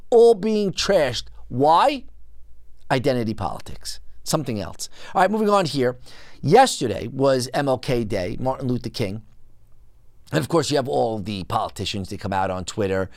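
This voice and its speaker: An indignant commentary host rants emphatically, their pitch leaping up and down from line to line. The voice sits at a middling pitch and is recorded close and dry, with no room sound around it. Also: a little mellow, no echo. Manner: indignant, emphatic ranting with big pitch swings. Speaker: podcast host. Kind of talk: political commentary monologue.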